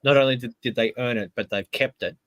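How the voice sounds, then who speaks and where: An Australian man in relaxed casual chat, joking and swearing casually. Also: medium pitch, fast talker, no room sound, poor audio.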